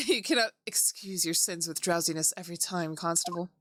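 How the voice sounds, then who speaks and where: A woman's voice: fairly low pitch, a little fast, a bit bright, dry recording, studio quality, voice pushed down. A woman putting on a stern old male judge. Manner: stern and formal.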